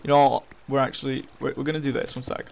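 A man's voice: medium pitch, level tone, quick pace, vocal fry, a little mellow, a little hiss or hum. Young man ranting over a game. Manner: casual, swearing, frustrated ranting. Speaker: gaming YouTuber. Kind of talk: Minecraft let's play commentary.

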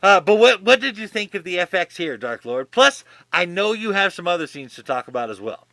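A man's voice: high-pitched, big pitch swings, fairly quick, sharp tone, no echo. A man co-hosting a podcast in casual chat, rambling with many restarts and freely swearing. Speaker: podcast co-host.

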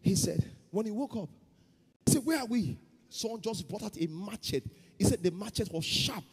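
Husky-voiced pastor preaching. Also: male voice, high voice, animated, moderate pace, long reverb tail. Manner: swings from loud chanted prayer to quiet storytelling. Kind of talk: sermon. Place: church hall.

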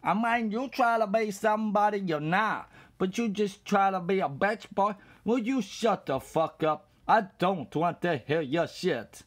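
A man putting on a deep angry voice, scolding and insulting with heavy swearing. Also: a little slow, few pauses.

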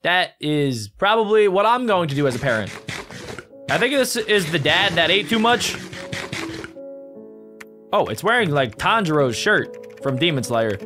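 Playful male reaction host, high and bouncy delivery, unhurried pace. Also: over music. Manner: excitable, giggly, playful. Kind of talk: casual video reaction commentary.

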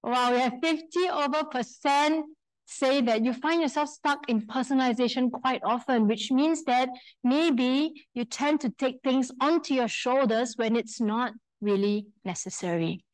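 Lively Singaporean woman leading a workshop. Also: high voice, unhurried, rough recording. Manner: lively storyteller, acts out quoted speech; engages audience with questions and polls. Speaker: workshop speaker. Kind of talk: live workshop talk to an audience.

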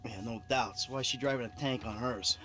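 An actor playing a jaded middle-aged husband who answers with dry, mocking sarcasm. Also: male voice, medium pitch, a little fast, bright, forceful tone, natural voice. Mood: sarcastic. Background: game music.

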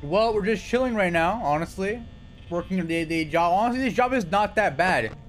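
A young man streaming live gameplay, talking fast and excitably, yelping and swearing at scares and cheering at wins. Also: high-pitched, slight background noise. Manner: excitable, jumpy, swears, yelps when scared.

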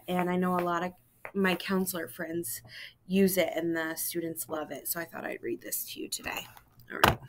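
Slow, gentle woman reading a picture book. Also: medium pitch, a little hiss or hum. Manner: gentle, unhurried storytelling.

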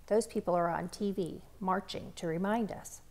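A woman voicing a calm, gentle father. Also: on the low side, moderate pace, lightly acted. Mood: gentle sad. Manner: soft, patient, explaining. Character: calm gentle father explaining hard news.

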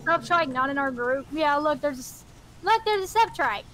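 A woman's voice: sits high, lively intonation, normal speed, fairly bright tone, slight background noise, low-quality recording. A woman playing along in an online game, making short, blunt remarks. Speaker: fellow player. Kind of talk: casual game chat.

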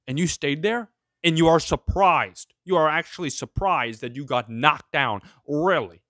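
Male host, solo rant, sarcastic, fairly high voice, dry close sound. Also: measured pace, bright, forceful tone, no room sound. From of Greek heritage. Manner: sarcastic, full of rhetorical questions. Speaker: show host. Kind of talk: ranting solo commentary.

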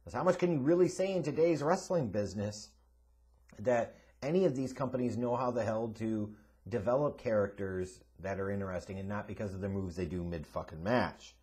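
A man's voice: on the low side, brisk, dark tone. A man hosting a casual Q&A, reading out viewer questions and answering them bluntly, sarcastically and with a lot of swearing. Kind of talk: casual Q&A rant.

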